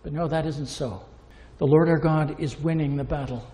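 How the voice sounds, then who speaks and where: In a hall whose long reverb trails his words, a man with a high, mellow voice preaches at a normal pace with a steady tone. His sermon swings from forceful, impassioned peaks to low, hushed moments.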